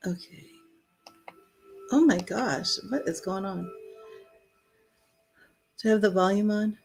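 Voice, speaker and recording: A woman's voice: medium pitch, slow, gravelly, a little mellow, husky, soft background music, poor audio. A woman hosting a live-streamed tarot reading, chatting casually, laughing often and reading card messages aloud. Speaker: tarot reader.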